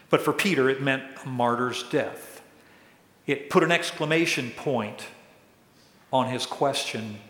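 A pastor preaching a sermon, who acts out quoted questions in a raised voice. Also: male voice, medium pitch, fairly bright tone. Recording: echoey hall with long reverb.

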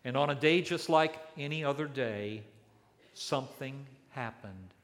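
A man preaching an expository sermon, building his points with dramatic pauses and emphasis. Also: medium pitch. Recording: long hall reverb.

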